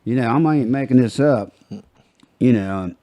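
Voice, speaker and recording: An older man hosts a podcast in a mid-range, dark-toned voice, taking his time, with no room sound. He has a small-town rural American twang and rambles through joking stories, laughing at his own punchlines.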